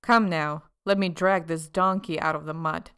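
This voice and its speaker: A woman voicing a scheming, two-faced male official who talks in a sly, half-mocking and forceful way, in an audiobook. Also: low-pitched, fairly even intonation, moderate pace, clean tone. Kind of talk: audiobook character voice.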